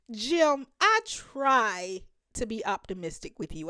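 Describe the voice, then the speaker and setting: A woman's voice: fairly high pitch, very animated, takes it slowly, few pauses, pushed and bright, clear, resonant tone, no room sound, clean studio sound. A woman hosting a reaction video, talking emphatically to her viewers and laughing often. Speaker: reaction channel host. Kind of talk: reaction commentary.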